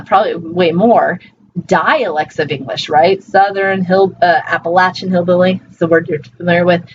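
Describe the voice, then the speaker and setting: Woman lecturer, informal and chatty, slightly dull recording with faint hum. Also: medium pitch. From Colorado, USA. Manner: conversational, many fillers and checks like "right?". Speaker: linguistics teacher.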